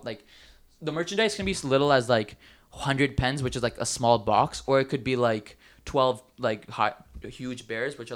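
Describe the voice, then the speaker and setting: Rambling teenage guy telling a story. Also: medium pitch. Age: teens. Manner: rambling, many fillers and restarts. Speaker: podcast co-host telling a story. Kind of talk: casual podcast chat.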